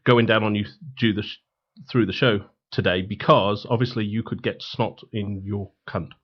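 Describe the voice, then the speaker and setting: A man's voice: lowish voice, fairly even intonation, normal speed. A man co-hosting a casual chat, joking crudely while sniffly with a head cold. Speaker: co-host. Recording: dull lo-fi sound.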